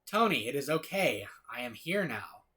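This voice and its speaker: A man's voice: mid-range voice, big pitch swings, normal speed, sharp tone. A man reading an earnest, insistent male team leader's lines aloud, slightly raised and pleading.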